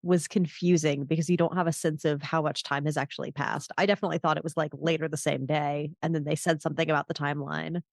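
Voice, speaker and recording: A woman's voice: low-pitched, flat delivery, quick pace, vocal fry, hardly any pauses, no room sound, studio quality. A woman guest on a podcast, chatting casually and sounding emphatic and incredulous. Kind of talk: casual chat.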